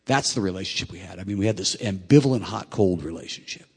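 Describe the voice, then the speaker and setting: A middle-aged man preaching a sermon, telling a personal story earnestly and emotionally, his voice swelling to loud peaks. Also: low voice, fast talker, creaky, breathy edge, long reverb tail. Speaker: preacher and track coach.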